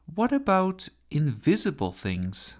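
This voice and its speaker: A man voicing an earnest, curious young boy in a children's storybook reading, his voice raised high. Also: huge pitch swings, slow pace, heavily acted.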